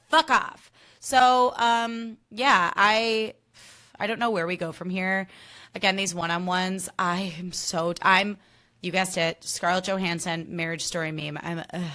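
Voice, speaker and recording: A woman's voice: fairly low pitch, pushed and bright. A young woman hosting a podcast, recapping reality TV in a chatty, sarcastic way, swearing freely and acting out quotes. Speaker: podcast host.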